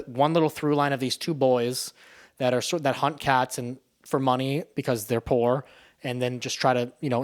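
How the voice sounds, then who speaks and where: A man giving a casual spoken movie review, rambling and swearing in a loose, offhand way. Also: medium pitch.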